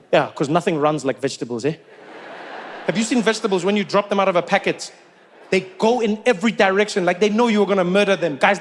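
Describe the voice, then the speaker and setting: A South African man with a South African accent performs stand-up, telling animated stories and talking to the crowd. His voice is high, and there's a little hiss or hum.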